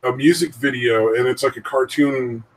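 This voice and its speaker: A man with a husky, slightly breathy voice talks in a loose, rambling way. He is co-hosting a casual podcast, swears constantly and breaks into laughter often. His pitch sits in an ordinary middle range. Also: steady tone, normal speed, recorded from a distance, low-quality recording. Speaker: podcast co-host. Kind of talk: casual chat.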